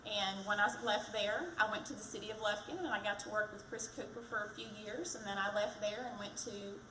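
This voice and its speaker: Her medium-pitched voice is brisk, pushed, and bright as she delivers a chatty, self-deprecating speech in her campaign for county treasurer. The event is a community gathering at a fire department. The sound is echoey, captured by a distant mic amid background noise.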